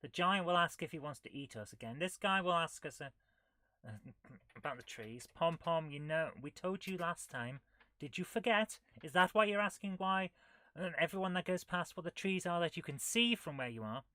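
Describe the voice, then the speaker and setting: A woman's voice: on the low side, expressive, moderate pace, sharp tone, no echo. Wry woman playing a retro game. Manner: reads game text aloud, wry jokey asides. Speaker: retro gaming host. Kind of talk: casual game playthrough commentary.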